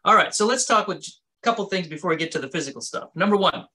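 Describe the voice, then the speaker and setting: Man, self-defense instructor, somewhat high voice, casual teaching talk. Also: lively intonation, fast, sharp tone. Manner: casual, conversational, talks with his hands.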